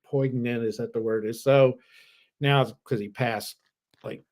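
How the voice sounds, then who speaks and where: Animated man telling a podcast story. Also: medium pitch, measured pace. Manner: animated storyteller, swearing and laughing. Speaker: co-host. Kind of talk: casual podcast chat.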